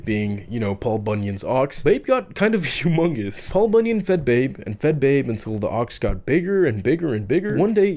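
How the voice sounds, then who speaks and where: Animated profane young man ranting. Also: medium pitch. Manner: rambling, profane, exaggerated outbursts. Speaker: YouTube host. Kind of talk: comedic storytelling vlog.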